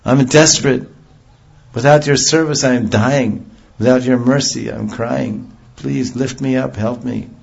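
A man's voice: medium pitch, steady tone, a little slow, creaky, breathy edge, lo-fi sound. A man acting an anguished saint in prayer. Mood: pleading. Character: desperate devoted male saint crying out in prayer.

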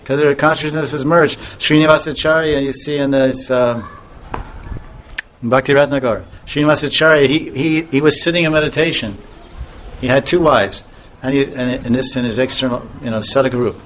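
A man's voice: medium pitch, fairly even intonation, moderate pace, fairly bright tone. Male spiritual teacher, casual rambling talk, frequent chuckles, acts out voices; mid-range voice, faint background noise. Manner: chuckling often, rambling with restarts.

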